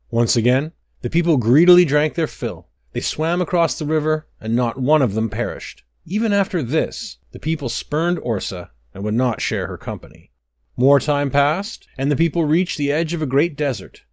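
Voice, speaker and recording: A man giving a measured, expressive scripted storybook narration. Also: a little high, no echo, studio quality.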